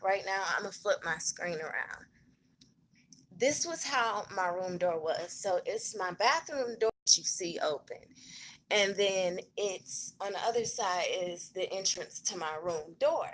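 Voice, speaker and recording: A woman vlogging casually from a hospital room, telling a story in an animated, conversational way. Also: medium pitch, a little hiss or hum, poor audio. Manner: animated, conversational, many fillers.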